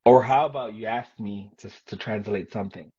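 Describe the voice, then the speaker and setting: A man's voice: lowish voice, brisk, warm tone, slightly rough, dull audio. A man with a Jamaican accent, a guest poet, talking in a laid-back, easygoing way. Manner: laid-back, laughs easily. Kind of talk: casual conversation.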